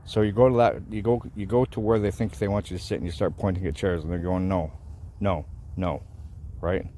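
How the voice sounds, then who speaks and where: A man's voice: fairly low pitch, fairly even intonation, quick pace, warm tone, a little hiss or hum. A man explaining dog training in a casual, folksy way, often checking in with "right?". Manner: folksy, repeats himself, asks "right?". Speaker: dog owner teaching training. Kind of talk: casual instructional vlog.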